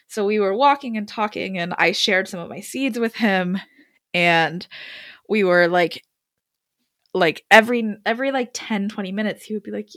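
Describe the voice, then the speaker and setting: A young adult woman co-hosting a podcast, telling a funny travel story in an animated, rambling way with lots of "like" fillers. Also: medium pitch, moderate pace, no echo, studio quality. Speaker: podcast co-host. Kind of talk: comedic storytelling.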